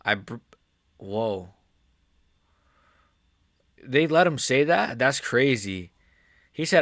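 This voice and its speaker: A man giving casual live-stream commentary as an MMA YouTuber, rambling and excitable, often restarting his sentences. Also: medium pitch, takes it slowly, pauses often, no room sound, studio quality.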